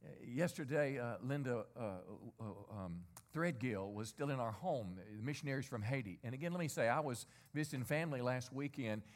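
A man's voice: mid-range voice, brisk, few pauses. Middle-aged male pastor preaching a sermon. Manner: call-and-response preaching, asks the congregation to repeat lines; conversational with repeated rhetorical questions.

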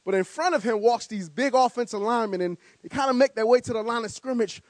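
High-voiced man telling a lively story. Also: fast talker, no room sound. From New Jersey. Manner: animated, vivid storyteller, stammering repeats. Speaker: guest speaker. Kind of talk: storytelling speech.

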